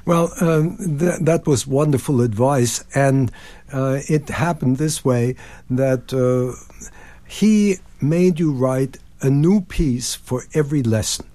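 Old guy in his 90s telling stories on the radio, acts out quotes, mellow tone. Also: mid-range voice, takes it slowly. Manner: animated anecdotes, sings phrases and acts out quotes. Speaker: composer guest. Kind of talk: storytelling interview.

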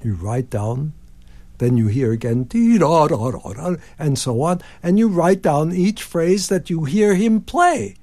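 The guest, a composer in his nineties, tells stories on the radio with animation, performing quotes and singing short phrases. He has a slightly high voice and a slightly slow pace.

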